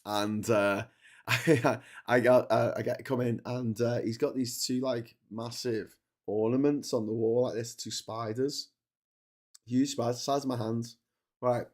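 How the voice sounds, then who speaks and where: A man's voice: mid-range voice, steady tone, measured pace, a little mellow. Rambling man losing his voice. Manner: rambling, many restarts and repeated words. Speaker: livestream host. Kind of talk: casual travel storytelling. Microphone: streaming setup.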